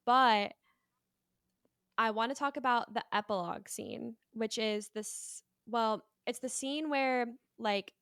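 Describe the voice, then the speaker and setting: A woman's voice: on the high side, slow pace, fairly bright tone, clear, resonant tone, no echo, studio quality. A woman chatting casually about a film on a podcast, leaning heavily on "like" as she talks. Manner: chatty, heavy use of "like". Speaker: podcast panelist. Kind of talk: casual movie discussion.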